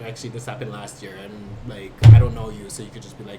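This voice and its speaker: A man's voice: mid-range voice, expressive, quick pace, few pauses, over loud music. A young man as a podcast guest, chatting casually, animatedly telling stories and pushing back in debate. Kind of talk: casual chat. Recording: clear background noise.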